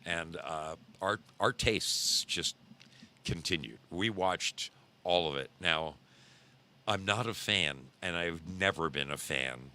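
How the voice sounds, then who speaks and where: A middle-aged man hosting a podcast, telling a story casually in a low voice, rambling and repeating himself for emphasis. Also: takes it slowly, sharp tone. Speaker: podcast host.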